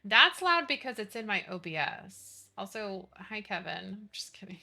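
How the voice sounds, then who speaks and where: A woman's voice: mid-range voice, sing-song, normal speed, vocal fry, sharp tone, faint music behind. A young woman streaming live, chatting casually, swearing freely and apologizing as she fiddles with her settings.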